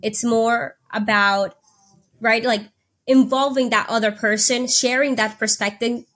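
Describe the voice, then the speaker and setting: A woman with a somewhat high voice hosts a podcast interview. She affirms what her guest says and reflects on it aloud as she works through her thoughts. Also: steady tone, a little slow, a bit bright. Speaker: podcast host. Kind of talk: conversational interview.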